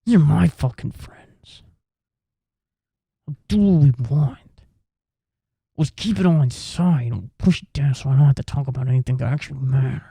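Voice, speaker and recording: A man's voice: mid-range voice, normal speed, creaky, long pauses, husky, no echo. A man putting on a voice as a blustering, profane macho bro whose accent keeps shifting as he talks. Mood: defiant. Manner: defiant, profane, shouting rant.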